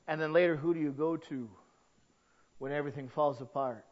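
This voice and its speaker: Guy preaching a sermon, high voice, goes quiet then shouts, kinda muffled lo-fi audio. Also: fairly quick. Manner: dramatic, swings from soft to shouting. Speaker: pastor.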